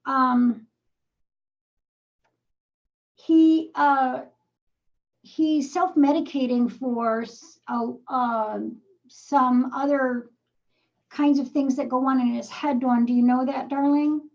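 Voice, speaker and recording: A woman's voice: high voice, fairly even intonation, takes it slowly, darkish tone, lo-fi sound. A woman psychic medium giving a live reading, asking probing questions and calling the sitter darling and sweetheart.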